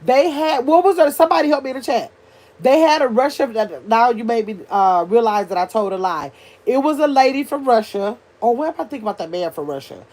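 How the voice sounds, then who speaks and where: An older woman hosts a relaxed livestream, talking straight to her chat and wondering aloud as she goes. Her voice sits a little high for a woman, and her speech is lively and conversational. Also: fairly quick. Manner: chatty, animated, thinks out loud, addresses chat as y'all. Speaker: livestream host reading chat.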